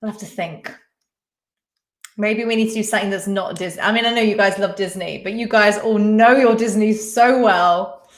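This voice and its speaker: A woman's voice: mid-range voice, normal speed. A woman hosting a live-stream quiz, chatting casually and reading out viewers' names and answers. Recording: echoey room.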